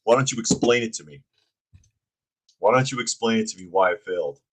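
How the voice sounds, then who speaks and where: A man's voice: fairly low pitch, brisk, noisy background. Sarcastic man hosting news opinion. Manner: sarcastic, blunt. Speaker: host of a news opinion show. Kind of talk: opinion commentary reading viewer chat.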